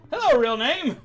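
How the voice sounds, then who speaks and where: A woman hosting a game stream, ranting in casual chat, swearing freely and laughing between points. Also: high-pitched. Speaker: streamer host.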